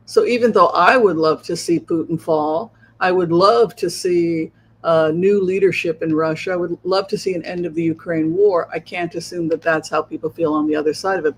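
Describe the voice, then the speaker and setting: A man giving a solo political commentary as a psychic tarot reader, talking rhetorically, keeps asking "right?" and acting out other sides' views. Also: sits high. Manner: acts out opposing viewpoints.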